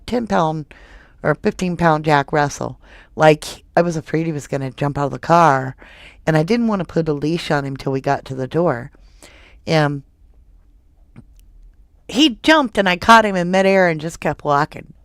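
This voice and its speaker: A woman hosting a casual true crime livestream, chatting with viewers and reading their comments in an animated way. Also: vocal fry, dry recording, studio quality. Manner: chatty and animated, jumping up high when excited.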